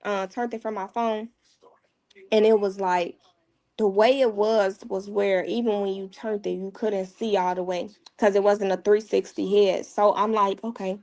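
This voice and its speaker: A mother speaks openly as a guest, recounting a distressing family moment. Her talk is casual and unpolished, full of restarts. She often sinks into a hushed, low tone, and her voice sits at an ordinary middle pitch for a woman. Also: level tone, a little slow. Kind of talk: emotional personal storytelling.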